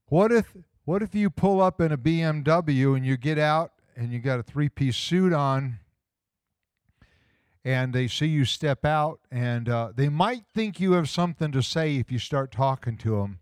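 Man preaching folksy, smooth resonant tone, dry close sound; asks the room questions. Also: fairly high pitch, measured pace, dry recording. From small-town Midwest US. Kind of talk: sermon.

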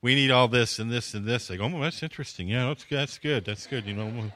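A man's voice: mid-range voice, brisk, sharp tone. A man preaching, telling a story and acting out the dialogue, with a dry throat. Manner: storytelling, acts out dialogue with voice swings. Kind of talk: sermon testimony.

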